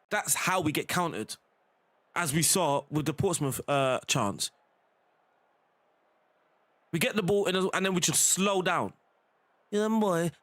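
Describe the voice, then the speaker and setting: A man streaming a football management game, talking casually and getting excited, at times shouting at the plays. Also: high voice, no room sound. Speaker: gaming streamer. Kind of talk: live game commentary.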